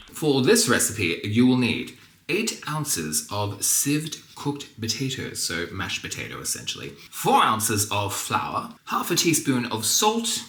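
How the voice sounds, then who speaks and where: A man's voice: mid-range voice, pushed and bright, slight background noise. A man hosting a cooking vlog, chatting casually and joking at himself as he cooks. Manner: chatty and self-deprecating, talks while cooking. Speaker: cooking channel host. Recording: echoey kitchen with background music.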